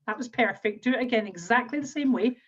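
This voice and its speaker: Speaking fast in a slightly high voice, a Scottish woman guides a live online coaching workshop as an NLP trainer and coach. The audio comes from a video call and has a dull, lo-fi webinar quality. She instructs the group through each exercise step by step, repeating phrases often along the way.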